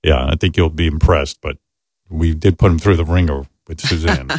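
A man hosting a radio talk show, crude and joking with deadpan asides. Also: a bass voice, moderate pace, no room sound, clean studio sound.

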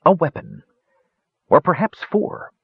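Casting: male reader as a cold, secretive young wizard, husky and cryptic, fantasy audiobook. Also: on the high side, wildly swooping pitch, slow, dry recording, phone-quality sound, pitched above the performer's own voice, heavily acted. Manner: cool, cryptic, humorless.

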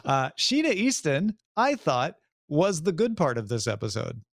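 A man's voice: a little high, wildly swooping pitch, moderate pace, no echo, clean studio sound. A man co-hosting a podcast, chatting casually about a TV episode, rambling with restarts and acting out scenes. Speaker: podcast co-host. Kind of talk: casual chat reviewing a TV episode.

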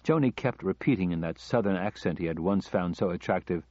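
A man narrating an audiobook story in a measured, even storytelling manner. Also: deep voice, no echo. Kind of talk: scripted narration. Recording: slightly dull lo-fi recording.

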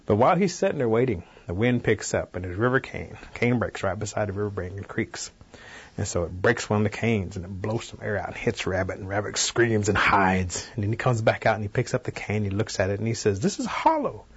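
Husky man telling a folk tale. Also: lowish voice, fairly quick. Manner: relaxed, animated narrating. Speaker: storyteller guest. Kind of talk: oral folk-tale storytelling. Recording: dull radio recording.

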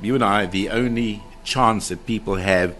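A man's voice: on the low side, moderate pace, a bit bright, soft background music. A middle-aged man telling of a paranormal encounter with drama, acting out quotes and repeating his phrases. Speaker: guest describing a paranormal encounter. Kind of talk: animated storytelling.

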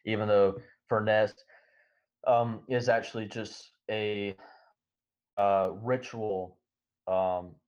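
Rambling low-voiced man, dull lo-fi audio. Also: steady tone, darkish tone, clean tone. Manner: rambling, halting, many fillers. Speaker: podcast co-host. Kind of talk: casual discussion.

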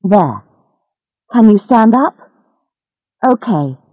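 A woman reading the part of a calm, capable young man in a storybook. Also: mid-range voice, drawn-out words, no room sound, phone-quality sound, full character voice.

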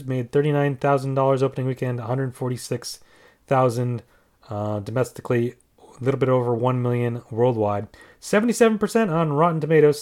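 A man's voice: mid-range voice, darkish tone. Man, casual movie reviewer, mid-range voice, rambling and offhand delivery. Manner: rambling, many fillers and restarts, offhand. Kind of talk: casual movie ranking talk.

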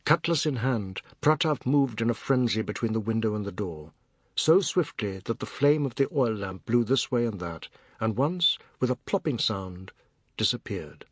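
A man reading a novel aloud in measured, even storytelling narration. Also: fairly low pitch, husky, no room sound, studio quality. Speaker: audiobook narrator. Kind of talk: scripted literary narration.

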